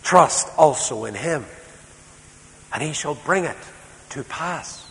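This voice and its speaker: A man preaching a sermon as a storyteller, moving between soft, quiet passages and loud, emphatic ones. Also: on the high side, animated, slow. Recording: reverberant hall, faint background noise.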